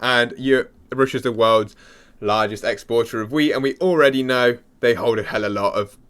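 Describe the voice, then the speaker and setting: A young man hosting a crypto channel, talking casually and excitedly to viewers, rambling and stumbling as he searches for words. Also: medium pitch, moderate pace. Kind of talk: casual excited commentary to camera.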